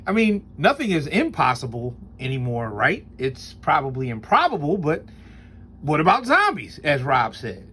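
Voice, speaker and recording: A man's voice: medium pitch, huge pitch swings, unhurried, a bit bright, slight background noise. A man hosting a casual knife review, rambling and chuckling, with emphatic stress when he lays out rules. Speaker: host of a knife review channel. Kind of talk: casual spoken product review.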